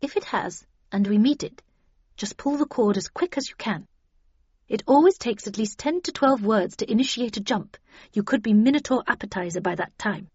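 A woman reading an audiobook, voicing a seasoned woman field agent who speaks briskly, urgently and with authority. The recording is dry and slightly dull. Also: mid-range voice, animated, darkish tone, breathy edge, dry recording. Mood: grave.

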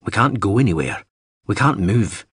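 An anxious older crewman, voiced by a male narrator, speaking low, quiet and measured. His tone stays deep and husky, and the recording is close and dry. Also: very animated, no room sound, full character voice. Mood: worried.

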